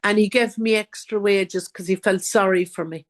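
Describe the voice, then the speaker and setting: A woman's voice: mid-range voice, steady tone, normal speed. An Irish woman, a guest author, telling her own life story in an interview and acting out what others said. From Ireland.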